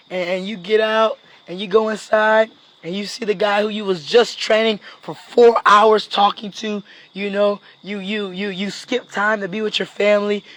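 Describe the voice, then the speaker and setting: Animated high-voiced man preaching. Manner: animated, acts out dialogue with fillers like "you know". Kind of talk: casual sermon with acted-out skits.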